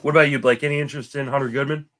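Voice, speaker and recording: A man's voice: medium pitch, steady tone, rapid-fire, fairly bright tone. A man hosting a fantasy baseball podcast, chatting casually and laughing often. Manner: laughs often, jokes about sarcasm. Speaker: podcast host.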